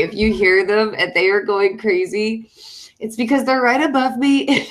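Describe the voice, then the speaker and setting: A middle-aged American woman hosting a casual live stream at home, an excitable author chatting about her books. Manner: chatty and excitable, breaking off to call her dog in a high coaxing voice. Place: room at home.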